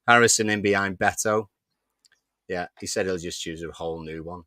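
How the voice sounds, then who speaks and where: A man co-hosting a casual fan chat, going through predicted lineups with relaxed pauses. His voice is low, smooth and bright-edged. It is recorded close and dry. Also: no room sound. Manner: reading lineups, relaxed, stop-start. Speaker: podcast co-host.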